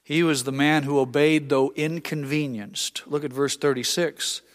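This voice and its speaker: A man's voice: fairly high pitch, fairly even intonation, normal speed, in a large hall. A man preaching a sermon, telling stories earnestly and acting out the voices of people in them. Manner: earnest storytelling, acts out voices. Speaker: pastor.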